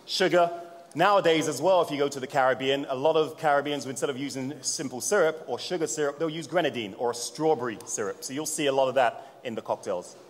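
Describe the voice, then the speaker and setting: A man presenting a live bar seminar at a middling pitch, chatting and joking with the crowd as he works. His voice rings with a long hall reverb. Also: fast talker. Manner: jokey, chatty, addresses the audience. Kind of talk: live cocktail demonstration talk. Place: seminar room at a bar trade show.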